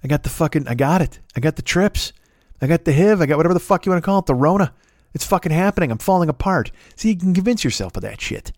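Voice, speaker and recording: A man's voice: a little high, lively intonation, fast talker, a little mellow, dry recording, studio quality. A man hosting a podcast, ranting in a rambling, profane way and sometimes slipping into voices and scat singing, a bit sniffly from a cold. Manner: rambling, swearing, breaks into impressions and scat singing. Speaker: podcast host. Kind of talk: profane solo comedy rant.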